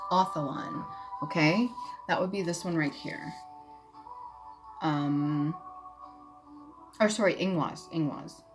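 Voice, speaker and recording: Low-voiced woman telling a story over music. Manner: candid, blunt, swears freely. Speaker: vlogger. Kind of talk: casual storytelling. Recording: music playing behind.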